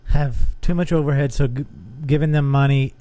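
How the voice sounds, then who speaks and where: A man's voice: mid-range voice, fairly even intonation, moderate pace, warm tone, no echo. An earnest man co-hosting a casual discussion podcast, steering the talk with questions. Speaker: podcast co-host.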